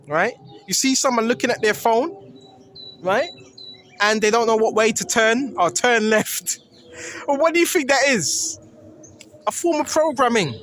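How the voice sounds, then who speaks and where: A man's voice: very high voice, fairly bright tone, slight background noise. A man preaching informally and earnestly, pressing each point with a repeated "right?".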